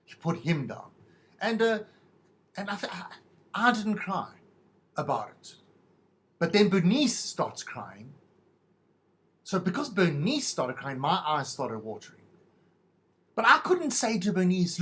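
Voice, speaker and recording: A man's voice: sits high, sing-song, measured pace, pauses often, fairly bright tone. A middle-aged man hosting a podcast, telling a rambling, self-mocking monologue in a wry, stop-start way. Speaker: podcast host.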